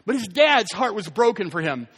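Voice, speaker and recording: A man preaching a sermon as pastor, telling stories with lively, animated delivery and acting out the people he quotes. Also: sits high, normal speed, breathy edge. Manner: animated storytelling, voices quoted characters. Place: church sanctuary. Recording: long hall reverb.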